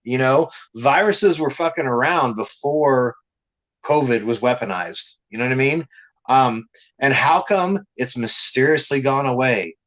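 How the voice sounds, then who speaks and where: A man's voice: medium pitch, animated, a little slow, a bit bright, low-quality recording. A man, a comic creator, telling blunt, profane stories in a casual podcast chat.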